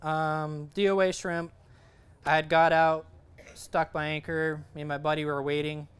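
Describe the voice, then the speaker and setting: A man's voice: on the high side, flat delivery, unhurried, a bit bright, clear, resonant tone. A man giving a casual, rambling talk to a group on sight fishing from a kayak, full of fillers and restarts.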